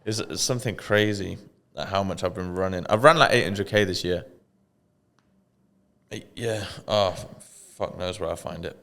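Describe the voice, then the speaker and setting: Male podcast co-host, lower voice, easygoing and offhand, casual swearing. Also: moderate pace, vocal fry, fairly bright tone. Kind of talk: casual chat.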